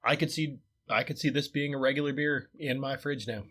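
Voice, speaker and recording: Descriptive young co-host, bright tone, easy casual chat. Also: male voice, mid-range voice, steady tone, brisk. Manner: thoughtful, descriptive. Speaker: beer review co-host.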